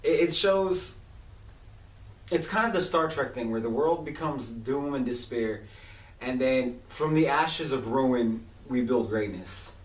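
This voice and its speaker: A man in his late twenties hosting a casual, animated monologue about an old movie. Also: medium pitch, slow pace, echoey room, distant mic, low-quality recording. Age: 20s. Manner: animated, chatty, swears. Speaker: podcast host.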